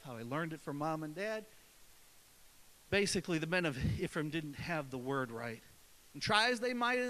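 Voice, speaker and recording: With a fairly high, bright voice and a northern US accent, a man preaches an informal sermon in a conversational, emphatic style. He often restarts and uses many fillers.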